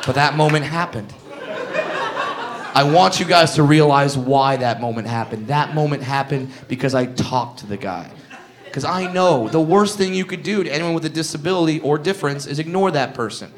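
A man doing a brash, loud stand-up comedy set, telling a story to a live audience. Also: a little high, normal speed. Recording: noisy live club recording. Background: audience laughter.

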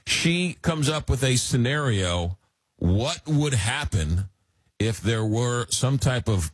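Husky-voiced man hosting late-night radio. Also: lowish voice, no room sound. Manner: animated, joking, repeats words when excited. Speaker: radio talk show host. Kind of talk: casual radio talk. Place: radio studio.

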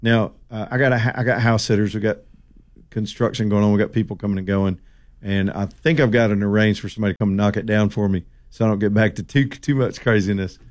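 A middle-aged man from the American South holds forth as a talk radio host. He speaks in a fairly low voice, sarcastic and folksy, rambling from point to point in an opinionated way. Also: steady tone, quick pace.

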